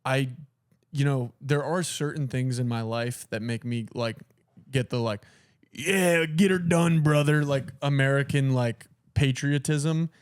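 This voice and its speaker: Young dude on a podcast riffing crude bits, dead dry sound. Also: male voice, mid-range voice, fairly even intonation, a little slow, smooth, no echo. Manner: jokey, crude, riffs with put-on quotes. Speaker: podcast co-host. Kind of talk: casual comedic chat.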